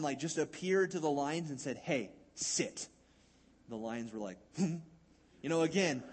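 Conversational pastor, man, fairly high voice. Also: breathy edge. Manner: conversational, folksy, acts out Bible scenes in voices. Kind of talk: sermon.

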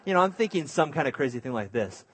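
Husky-voiced man telling a story. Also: fairly high pitch, fast talker. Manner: animated, self-mocking storytelling; drops to a hushed voice for inner thoughts. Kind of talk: personal story in a sermon.

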